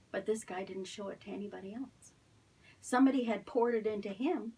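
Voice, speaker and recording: Breathy, distant woman teaching Sunday school. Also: mid-range voice, normal speed. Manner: expressive storytelling with questions to children. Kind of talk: children's Bible lesson.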